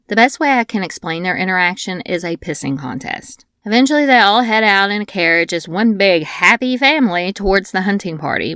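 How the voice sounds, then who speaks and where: A woman reads through an episode recap in a fairly low, smooth voice, throwing in blunt, wry asides along the way. The sound is dry and close, with no room around it. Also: a bit bright, dry recording. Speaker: TV recap host.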